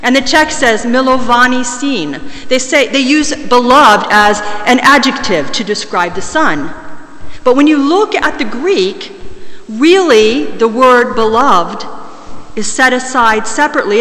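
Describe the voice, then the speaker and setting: Woman preaching in a bright, echoing church. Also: a little high, expressive. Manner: measured, slows down to stress key words. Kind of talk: sermon. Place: large church. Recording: long reverb of a large church.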